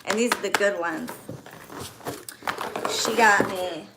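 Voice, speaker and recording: Slow-talking chatty woman vlogger. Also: mid-range voice. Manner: chatty, gushing, squeals when excited. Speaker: spiritual reader for clients. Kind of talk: casual vlog, unboxing gifts. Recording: crinkling packaging noise.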